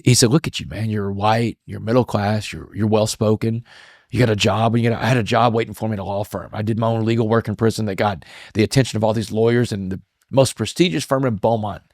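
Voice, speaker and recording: Middle-aged man, somewhat low voice, dry close sound, casual storytelling. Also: creaky, no echo. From Texas. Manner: casual, animated storytelling with many "man" fillers. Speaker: guest, motivational speaker. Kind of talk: storytelling in a podcast interview.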